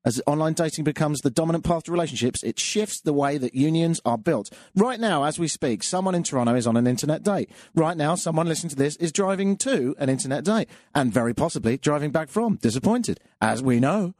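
A man's voice: a little high, expressive, a little fast, few pauses, darkish tone, no echo. A man hosting a radio talk show, chatty and self-mocking. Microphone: studio mic. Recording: dry studio sound.

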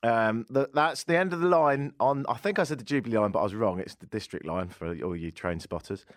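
A man's voice: mid-range voice, fairly quick, no room sound, clean studio sound. A man hosting a talk radio show, rambling, jokey and self-deprecating. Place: radio studio.

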